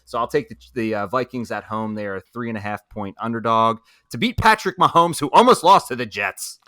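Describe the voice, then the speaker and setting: A man hosts a sports podcast with a bright, clear voice at a middle pitch. The sound is close and dry, with no room around it. He talks in an animated, chatty way. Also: a little fast, no room sound. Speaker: podcast co-host. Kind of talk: casual sports chat.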